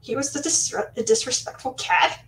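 A woman's voice: high voice, fairly even intonation, moderate pace, fairly bright tone, a little hiss or hum, voice pushed up. A smug young man with a teasing, mocking tone, done by a woman reading aloud in close to her own voice. The voice sits a little away from the mic. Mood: smirking. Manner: mocking, easygoing. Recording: voice slightly distant from mic.

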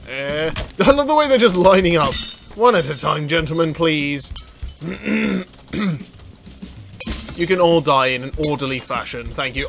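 Excitable young man narrating gameplay. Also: a little slow, creaky, pauses often. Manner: excitable, swearing, sudden high-pitched yelps and laughs. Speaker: let's play gamer. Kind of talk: gameplay commentary.

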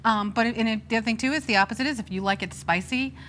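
A woman guest cook giving a cooking demonstration in a TV studio kitchen, chatty and quick to laugh. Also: fairly high pitch, a bit bright, a little hiss or hum.

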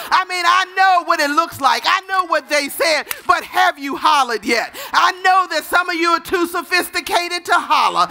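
Woman preacher, high bright voice, fervent sermon with shouted calls. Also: vocal fry. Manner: softer, measured teaching tone. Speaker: pastor.

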